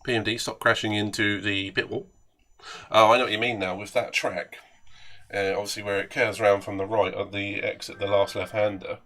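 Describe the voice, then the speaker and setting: A man's voice: lowish voice, flat delivery, moderate pace, bright, forceful tone. A man with an English accent chatting and joking with viewers while commentating his own racing game on a live stream. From England.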